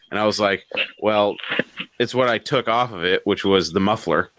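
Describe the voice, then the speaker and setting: Low, bright-toned man telling stories. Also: no room sound. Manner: animated, profane, chuckles between phrases. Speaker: podcast co-host. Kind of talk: casual storytelling on a live podcast.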